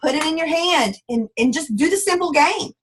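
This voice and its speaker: A woman's voice: high-pitched, normal speed, rough recording. A woman, giving a folksy, sassy motivational business training talk. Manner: sassy, folksy and animated, acts out quoted voices. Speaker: network marketing team leader.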